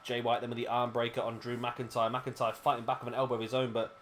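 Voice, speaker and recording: A British gaming commentator with a medium-pitched, monotone, slightly bright voice talks quickly, with a little hiss or hum on the recording. He offers loose, chatty play-by-play of a wrestling game, often revising what he says mid-sentence.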